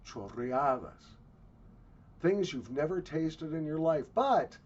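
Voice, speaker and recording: A man's voice: fairly high pitch, animated, slow, a little mellow, muffled recording. A man from the United States giving blunt, sarcastic travel commentary with swearing. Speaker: travel vlogger.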